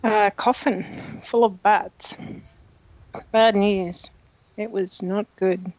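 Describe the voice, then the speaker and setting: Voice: mid-range voice, steady tone, very slow, a little mellow, no room sound, low-quality recording. A player in a tabletop game describing their character's actions.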